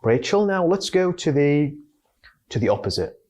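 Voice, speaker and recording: A man's voice: on the high side, sing-song, normal speed, darkish tone. A man hosting an interview, asking questions in a hesitant way with many restarts and fillers. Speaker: interview host.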